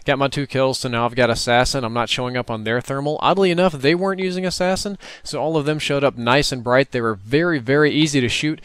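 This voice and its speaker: A man's voice: medium pitch, fairly even intonation, fast talker, hardly any pauses, fairly bright tone, clear, resonant tone, dry recording. A man from the United States talking casually through his own gameplay footage in a rambling, wry commentary. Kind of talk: recorded gameplay commentary voice-over.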